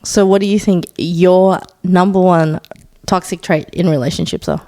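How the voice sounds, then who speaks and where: Female podcast co-host, slightly low voice, probing interviewer, teasing and chatty. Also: normal speed, dark tone. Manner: probing, asks pointed questions, teasing. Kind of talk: casual chat.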